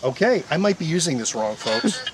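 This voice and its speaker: A man's voice: a little high, sing-song, normal speed. Chatty guy ghost hunting out in a field, rambles to his viewers, camera mic, faint background noise. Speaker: paranormal investigator host. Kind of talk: casual on-camera commentary. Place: outdoors in a historic park field.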